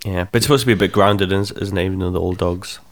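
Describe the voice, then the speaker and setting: Rambling low-voiced man. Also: racing. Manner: rambling, animated, puts on silly voices. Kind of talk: casual chat.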